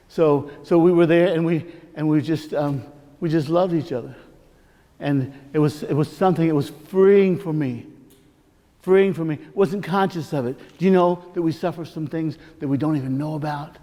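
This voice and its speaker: Priest guy rambling thru a story in his sermon, kinda high voice, long echo off the hall. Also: a little mellow. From Missouri, United States. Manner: rambling, confiding storyteller with asides. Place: large church hall.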